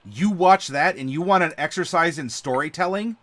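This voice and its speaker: Chatty host, slightly high voice. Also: male voice, moderate pace, fairly bright tone. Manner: chatty, laughs often, many fillers. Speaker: channel host. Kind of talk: casual live-stream chat.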